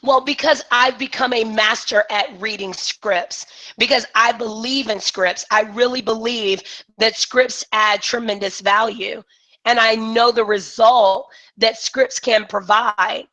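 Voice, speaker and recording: A woman business coach leading a live online coaching session, talking with emphasis and excitement. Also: a little high, unhurried, rough recording.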